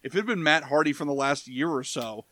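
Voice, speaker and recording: A man's voice: on the high side, fast talker, pushed and bright, no room sound. A man in casual podcast chat reviewing a movie, rambling and profane, breaking into goofy impressions. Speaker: podcast co-host.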